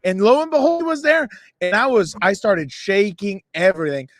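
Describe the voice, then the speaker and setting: Excitable high-voiced man telling a story. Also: normal speed, no room sound. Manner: animated, self-mocking, voices others in quotes. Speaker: podcast co-host. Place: radio row event booth.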